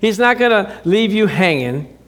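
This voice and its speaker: Middle-aged pastor guy preaching, kinda high voice, jokes around then gets loud and emphatic. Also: expressive, a little slow. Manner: chatty, joking with the congregation. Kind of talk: sermon.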